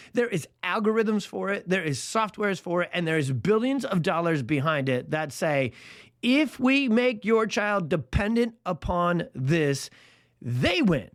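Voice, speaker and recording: A man's voice: a little high, no room sound, studio quality. A man hosting a podcast, talking alone about a health topic in an emphatic, casual way and stacking repeated phrases for emphasis. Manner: casual, folksy slang. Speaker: podcast host. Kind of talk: solo podcast monologue explaining a health topic. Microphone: podcast microphone.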